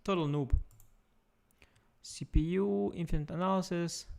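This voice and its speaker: Guy live streaming chess from home, chatty and playful, bit high pitched, talking to his viewers at the desk mic. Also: normal speed. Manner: chatty, playful, talks to viewers while clicking around. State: tired, speaking softly at first. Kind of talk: casual live-stream chat. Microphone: desktop USB mic.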